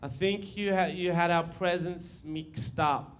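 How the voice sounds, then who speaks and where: An Australian man voicing a sheepish, awkward teenage schoolboy who mumbles slowly and hesitantly. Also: high voice, fairly even intonation, a little hiss or hum.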